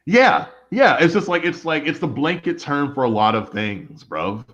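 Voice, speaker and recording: A young American man co-hosts a casual podcast and rambles along, packing his sentences with "like". His voice sits a little high and swings widely in pitch. The recording is dull and lo-fi. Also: sing-song, moderate pace, a bit bright. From United States. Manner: rambling, heavy on fillers like "like". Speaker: podcast co-host. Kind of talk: casual chat.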